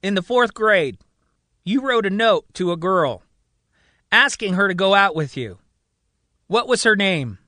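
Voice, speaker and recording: A man doing a gruff suspicious older man. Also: high voice, animated, unhurried, long pauses, sharp tone, no room sound, pitched above the performer's own voice, exaggerated voice. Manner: gruff, demanding.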